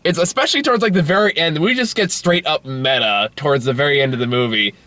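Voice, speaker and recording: An eager man co-hosts a casual movie review. His voice is a little high and bright, with a pushed edge. He laughs a lot and trips over his restarts, all in a dry, close sound. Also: fast talker, dry recording. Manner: excitable, laughs often, restarts sentences.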